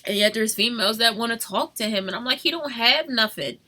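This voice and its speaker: A young woman in an emotional confessional vlog, crying and talking softly at home. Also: a little high, expressive, brisk. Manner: tearful, shifting between crying, soft whispers and rueful laughs. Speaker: vlogger. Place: home at night.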